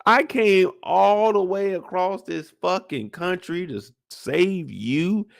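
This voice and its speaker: A man doing an outraged man yelling at his brother. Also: high-pitched, takes it slowly, vocal fry, pitched above the performer's own voice, exaggerated voice. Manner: loud, incredulous, slangy. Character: exasperated grown man scolding his brother.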